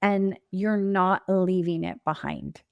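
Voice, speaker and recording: A woman's voice: lowish voice, wildly swooping pitch, slow, smooth, dry recording, dull audio. A woman grief coach answering interview questions in an earnest, emphatic and reflective way. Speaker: grief coach and podcast guest.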